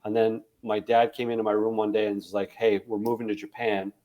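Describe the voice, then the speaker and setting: A man's voice: fairly low pitch, fairly quick, muffled recording. A man in his twenties, a guest comedian from Canada, telling stories in casual podcast talk and acting out his friends' voices. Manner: animated storyteller, acts out friends' voices. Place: podcast studio.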